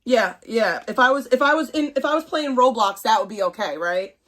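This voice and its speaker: A woman's voice: on the high side, lively intonation, brisk, a bit bright. A woman, ranting bluntly and profanely to her stream chat. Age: 30s. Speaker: livestream host. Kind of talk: casual rant to stream chat.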